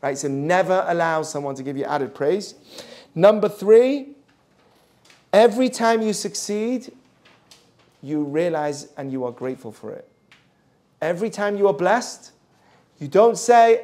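A man teaching a Jewish ethics class, animated, acting out the voices of the people he quotes. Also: sits high, normal speed.

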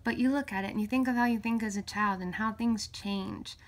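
A woman's voice: mid-range voice, a little fast. A woman chatting enthusiastically as she shows and talks through a series of art prints, often trailing off and restarting. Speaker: tarot vlogger. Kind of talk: casual show-and-tell.

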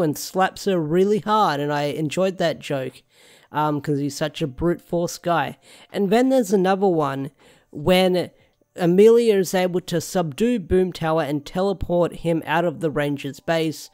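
A man's voice: fairly high pitch, normal speed, darkish tone. A young man chatting casually through a show review, rambling, restarting sentences and thinking aloud as he goes. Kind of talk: casual solo review talk.

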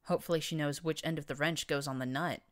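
A woman's voice: sits low, steady tone, quick pace, natural voice. Woman doing a blunt old gray mare boss. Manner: dry, blunt, matter-of-fact. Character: older gray mare, gruff maintenance boss.

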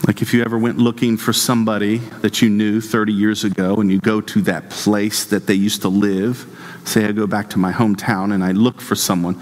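A man's voice: lowish voice, flat delivery, a little fast, darkish tone. A man preaching a sermon as pastor, reading scripture aloud and pressing his points with rising, impassioned emphasis. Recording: long reverb of a church hall.

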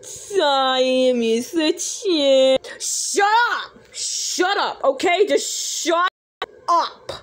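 A flustered little female toy cat, played by a woman, whiny and squealing as she protests. The voice sits high and swoops wildly up and down, with slow, drawn-out words. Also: big pitch swings, full character voice. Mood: annoyed. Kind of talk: toy play-acting video.

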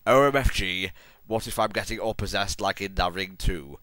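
Brief: a man putting on an overwrought goth teen girl, his own low voice pushed a little higher. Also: normal speed, bright, forceful tone, no room sound. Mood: melodramatic. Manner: overwrought, melodramatic delivery. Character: melodramatic gothic teen girl narrator. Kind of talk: comedic dramatic reading.

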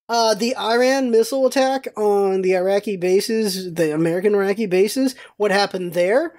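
A woman hosting a casual vlog, telling stories in an animated, rambling way with exclamations and some swearing. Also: mid-range voice, normal speed, hardly any pauses. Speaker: vlog host.

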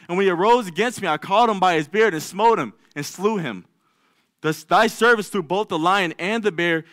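A man's voice: high voice, bright, forceful tone, no echo, clean studio sound. Fervent male lay preacher in a church. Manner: acts out biblical figures' doubts in a raised voice; reads scripture aloud, with some stumbles. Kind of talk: sermon.

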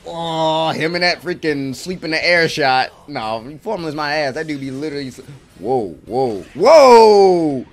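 A man's voice: on the high side, moderate pace, a bit bright. A man hosting an anime reaction video, talking in casual, slangy commentary, exclaiming and laughing often.

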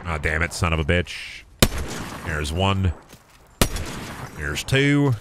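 A man's voice: low voice, very animated, takes it slowly, very noisy. A man streaming a video game live, rambling and mocking his chat and opponents, with lots of swearing. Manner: rambling, self-interrupting. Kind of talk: live gaming commentary.

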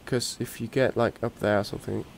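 A man's voice: lowish voice, steady tone, fairly quick, vocal fry, a little hiss or hum. A man with a Norwegian accent, giving casual gameplay commentary and joking at the game characters, swearing now and then. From Norway. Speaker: let's play commentator.

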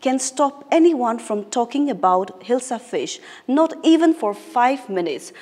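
A woman's voice: on the high side, big pitch swings, measured pace, a little mellow, slightly rough, in a large hall, exaggerated voice. A woman teacher reading the lines of a short-tempered king in a storybook, commanding and then apologetic. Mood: stern.

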